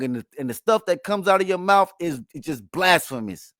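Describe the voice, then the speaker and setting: Man host, higher pitch, dry close sound, emphatic mocking sports reactions. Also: expressive, normal speed, fairly bright tone, no echo. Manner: emphatic, playfully mocking, repeats himself. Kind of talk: casual sports reaction commentary.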